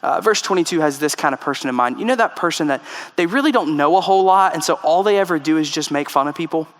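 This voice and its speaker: High-voiced preacher man in a reverberant hall. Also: expressive, fast. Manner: emphatic preaching, rhetorical questions to the congregation. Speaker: pastor. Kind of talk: sermon. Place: church sanctuary.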